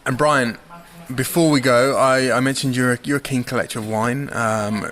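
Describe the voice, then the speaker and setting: A man's voice: mid-range voice, steady tone, normal speed, a bit bright. A man hosting a podcast in casual chat, teasing and chatty, with fillers. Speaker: podcast host.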